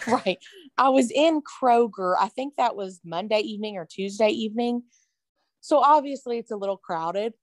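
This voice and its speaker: A woman's voice: fairly high pitch, normal speed, a little hiss or hum. A tired, yawning woman, telling a story in casual chat with lots of fillers. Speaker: podcast co-host.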